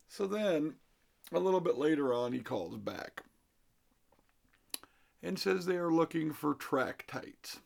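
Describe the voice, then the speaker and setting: A man's voice: a little high, animated, slow pace, vocal fry, pauses often. A middle-aged man telling a story casually, recounting conversations with an exasperated manner.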